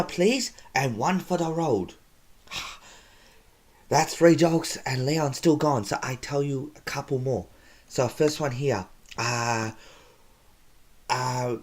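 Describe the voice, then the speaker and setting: A man putting on a high, broken-English joke teller. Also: a little mellow. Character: dim-witted male comedian with broken English.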